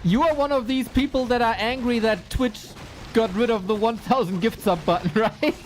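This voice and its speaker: A man casting a live esports stream, excitable and exclamatory, swearing freely. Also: very high-pitched, normal speed, slight background noise. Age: adult, long-time caster. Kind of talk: live stream game commentary.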